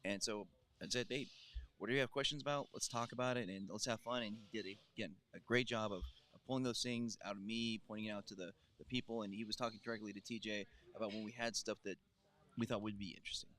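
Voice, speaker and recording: A man's voice: fairly low pitch, fairly even intonation, fast, fairly bright tone. A man, a grappling commentator, explaining earnestly in casual post-show chat.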